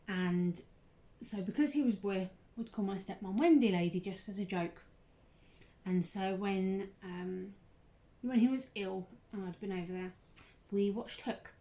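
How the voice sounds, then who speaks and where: A woman's voice: mid-range voice, measured pace, dark tone. A chatty, bubbly young woman who laughs a lot and says "um" often, hosting a casual crafting tutorial vlog. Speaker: craft channel host.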